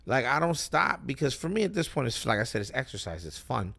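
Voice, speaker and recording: Gravelly, rambling man rapper. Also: medium pitch, big pitch swings, a little fast, sharp tone. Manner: rambling, profane, loose and self-interrupting. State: high, with cotton mouth. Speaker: rapper guest. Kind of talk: casual live-stream chat.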